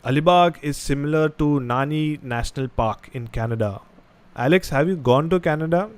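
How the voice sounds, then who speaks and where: A man's voice: on the high side, normal speed. A young man from India with an Indian English accent, chatting casually on a live stream and reading viewer comments aloud. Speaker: podcast host.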